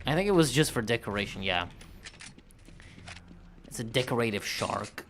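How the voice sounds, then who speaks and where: A man's voice: medium pitch, animated, normal speed, long pauses, fairly bright tone, slight background noise. A man giving casual, profane gameplay commentary with drawling, mumbled asides. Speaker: gaming youtuber.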